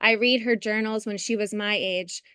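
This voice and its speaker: Bright-voiced chatty woman poet. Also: medium pitch, steady tone, smooth, no echo, studio quality. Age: 30s. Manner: chatty and bubbly, then measured reading. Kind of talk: poetry reading on a video call. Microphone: video call.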